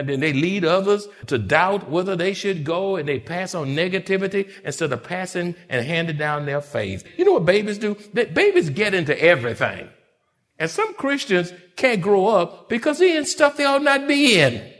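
A male pastor delivers a sermon in a high, swooping voice that climbs and drops all over the place. He repeats phrases for emphasis and slips into mocking voices of whiny churchgoers. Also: normal speed. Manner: animated preaching with repetitions and acted-out voices.

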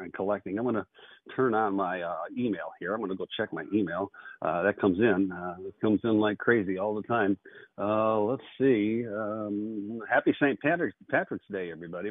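A man hosting a call-in radio show with fast, upbeat auctioneer patter. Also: fairly low pitch, no room sound. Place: radio studio. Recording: phone-like narrow band.

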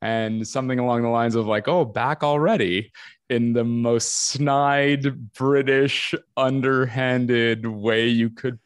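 A man's voice: mid-range voice, steady tone, slow pace, few pauses, clear, resonant tone, no room sound, studio quality. Easygoing man chatting on a podcast. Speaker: podcast guest. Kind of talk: casual podcast chat.

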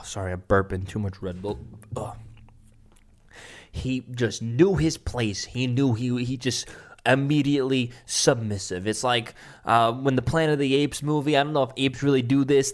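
A man giving a heated, mocking commentary in a casual ranting style. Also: medium pitch. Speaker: political commentator.

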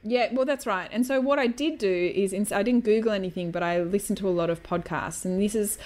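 On a casual podcast, a female co-host in her thirties spins an animated story, acting out quotes, swearing offhandedly and poking fun at herself. She speaks at a medium pitch with a brisk pace.

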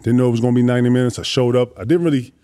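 A man telling stories casually, animated and profane, acting out other people's voices. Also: medium pitch, rapid-fire. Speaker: guest storyteller. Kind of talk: casual storytelling.

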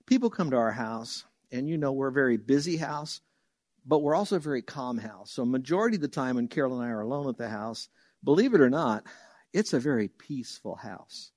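A man preaching a sermon as a pastor, telling stories with lively acted-out voices. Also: mid-range voice, brisk, no room sound. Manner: animated storytelling, acts out voices loudly.

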